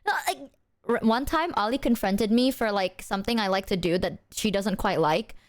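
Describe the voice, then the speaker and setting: A woman streamer in casual chat, telling stories in an animated, slangy way. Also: mid-range voice, moderate pace.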